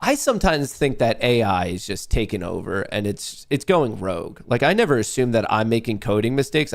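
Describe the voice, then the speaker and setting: Talking loosely and profanely on his live trading stream, this male host chats casually while making trades. He has a mid-range, gravelly voice with a nasal quality.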